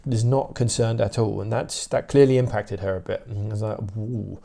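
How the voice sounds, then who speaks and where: A British man, a dog trainer, explaining his views in a steady, opinionated casual talk with many fillers. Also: lowish voice, fairly quick, vocal fry.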